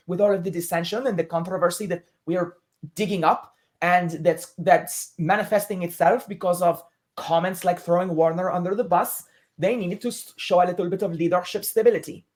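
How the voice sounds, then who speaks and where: A woman guest on a sports podcast, giving her views in a measured, opinionated way. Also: on the low side, steady tone, darkish tone. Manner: measured, opinionated, with military comparisons. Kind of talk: casual sports talk.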